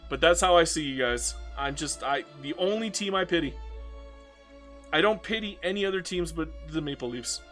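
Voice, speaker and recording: A man's voice: on the high side, a bit bright. Laughing, ranting male game streamer. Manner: laughing, ranting, stammering restarts. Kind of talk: casual chat while gaming.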